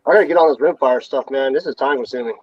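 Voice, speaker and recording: A man's voice: medium pitch, rapid-fire, husky, muffled recording. A man chatting offhandedly on a live stream while he works at reloading. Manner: offhand, talks while working at a bench. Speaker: panelist. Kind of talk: casual live-stream chat.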